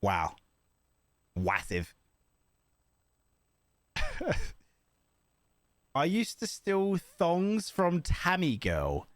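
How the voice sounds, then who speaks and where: A man's voice: high-pitched, huge pitch swings, drawn-out words, long pauses, no room sound. A young man rambling and joking as he hosts a reaction video. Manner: joking, rambling, laughs often. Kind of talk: casual reaction commentary.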